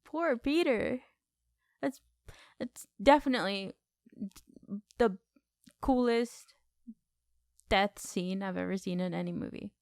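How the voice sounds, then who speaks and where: A woman co-hosting a podcast, talking through a film in animated casual chat and swearing freely. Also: mid-range voice, slow, vocal fry, pauses often, no echo. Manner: animated, swears freely, repeats questions for effect. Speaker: podcast co-host. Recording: dry close recording.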